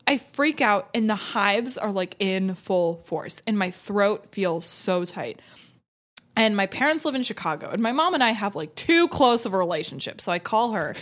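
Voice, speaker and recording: A woman's voice: mid-range voice, moderate pace. A young woman in her twenties telling a personal story in casual chat, laughing often and acting out what people said. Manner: animated, laughing, acts out quoted voices, many fillers.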